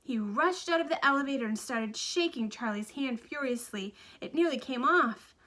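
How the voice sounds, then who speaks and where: A woman reading a children's book aloud with lively, expressive narration. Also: sits high, normal speed. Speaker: storybook reader.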